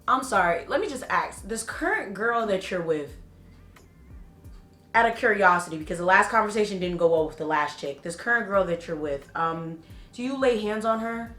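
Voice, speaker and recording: A young adult woman telling a storytime vlog, animated, laughing and blunt with profanity. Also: mid-range voice, normal speed, faint music behind. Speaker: vlogger. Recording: roomy echo.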